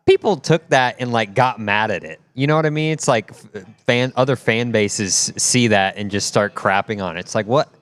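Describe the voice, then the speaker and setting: Low-voiced man, casual co-host. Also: normal speed, hardly any pauses. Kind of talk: casual sports talk.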